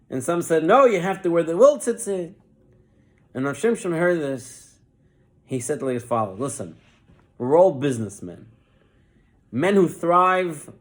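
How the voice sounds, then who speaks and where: A rabbi tells a parable in a Torah class. His voice sits a little high for a man and leaps up and down as he acts out each character's lines. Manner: animated parable-telling with lively voiced quotes.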